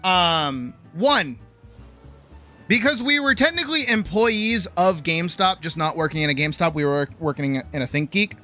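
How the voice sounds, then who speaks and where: A woman streamer telling a casual, animated story, swearing freely and acting out other people's lines. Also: on the low side, normal speed, soft background music. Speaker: streamer and artist.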